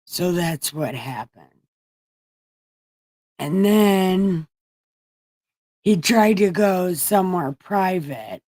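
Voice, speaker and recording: A woman's voice: fairly low pitch, lively intonation, drawn-out words, long pauses, a little mellow, no echo, poor audio. A woman hosting a livestream and retelling Bible stories in a rambling, profane, irreverent way. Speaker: livestream host. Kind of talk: casual comedic Bible retelling.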